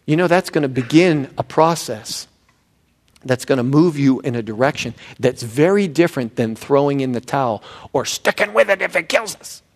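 A pastor preaching a sermon, animated and swinging from loud emphasis to hushed tones. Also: male voice, mid-range voice, moderate pace.

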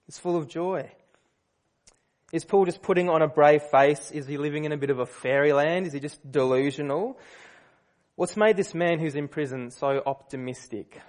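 A man preaching a sermon, telling a story in a relaxed, conversational way with fillers and restarts. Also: a little high.

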